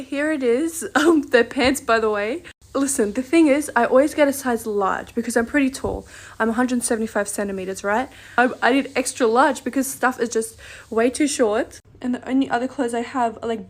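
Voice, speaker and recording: Young woman, casual vlog chatter, bubbly, laughs a lot, fairly high voice, dry close sound. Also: no room sound. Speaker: vlogger.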